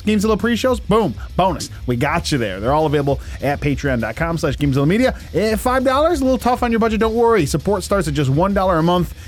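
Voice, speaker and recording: Upbeat male podcast co-host. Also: a little high. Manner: upbeat, emphatic plug delivery. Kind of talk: reading a sponsor plug.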